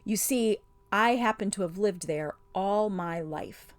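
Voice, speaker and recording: A woman's voice: mid-range voice, measured pace, dry recording, lightly acted. A woman voicing a stout-hearted male marsh-wiggle who answers earnestly, a little short of breath.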